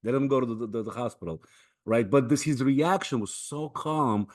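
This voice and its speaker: A man's voice: mid-range voice, normal speed. Man host telling a story. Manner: lively storytelling. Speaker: podcast host. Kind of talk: casual podcast conversation.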